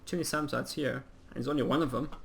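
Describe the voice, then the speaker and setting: Gravelly man casting a strategy game. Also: mid-range voice, fairly even intonation, fast, a bit bright. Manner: rambling, chatty, with frequent ums and uhs; self-mocking humor. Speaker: game caster. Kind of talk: casual play-by-play game commentary.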